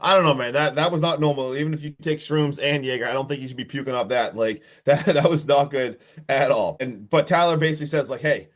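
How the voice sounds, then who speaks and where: A young man co-hosting a podcast, casually recapping a horror film in a rambling, animated way with lots of filler words and mild swearing. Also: medium pitch, fast, few pauses. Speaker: podcast co-host reviewing a film.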